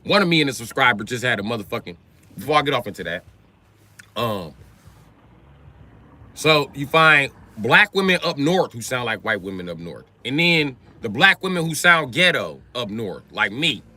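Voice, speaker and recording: An American man ranting on a casual livestream in African American Vernacular English, profane and brash, jumping between loud outbursts and low mutters. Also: very animated, moderate pace. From United States. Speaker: livestream host.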